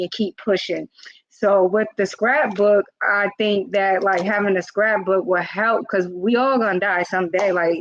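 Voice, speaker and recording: A woman vlogger with a medium-pitched, slightly bright voice shares a personal story in a casual, earnest way, sprinkling in lots of informal fillers. The recording is dry, lo-fi and a little dull, with no echo.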